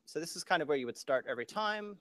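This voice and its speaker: A man giving a live-coding talk, explaining in a quick, loose way full of fillers like "like" and "right?". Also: fairly high pitch, animated, a bit bright, slight background noise. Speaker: speaker doing live coding.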